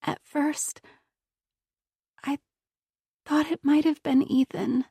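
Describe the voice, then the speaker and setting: A woman's voice: high voice, unhurried, no room sound, clean studio sound, pitched above the performer's own voice. A woman voicing a tearful frightened young girl. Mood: tearful, pleading. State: crying. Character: teenage girl, injured and frightened.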